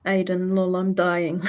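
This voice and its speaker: Casual woman for a live Q&A stream, slow and easygoing, quick to laugh. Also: fairly low pitch, a little mellow. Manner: chatty, laughs often, reads out viewer questions. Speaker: livestream host answering viewer questions.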